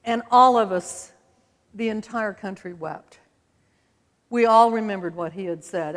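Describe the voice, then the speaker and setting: Woman in her 70s, from Utah, folksy storyteller, average pitch, long hall reverb. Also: unhurried, long pauses. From American West, Utah. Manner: folksy, conversational, with self-deprecating humor. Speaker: speaker. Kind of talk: personal storytelling talk. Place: stage in a large auditorium.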